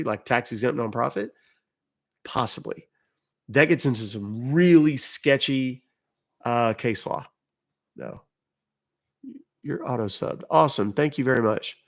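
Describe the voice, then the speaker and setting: A man hosting a live stream, chatting casually with viewers, reading out their comments and explaining phone and email rules. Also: mid-range voice. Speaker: livestream host.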